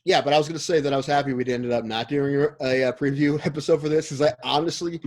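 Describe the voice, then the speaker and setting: A man's voice: fairly high pitch, steady tone, fast talker. A man co-hosting a podcast, chatting casually and hedging his opinions as he rambles. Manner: rambling, hedging fan talk. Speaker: podcast co-host. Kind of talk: casual chat.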